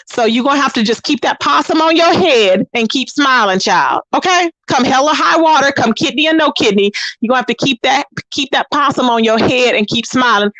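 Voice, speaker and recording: A woman's voice: a bit bright, dry recording. A woman hosting a casual gossip commentary channel, sassy and dramatic, talking straight to her viewers as "child" and "baby". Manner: dramatic swoops up into high exclamations.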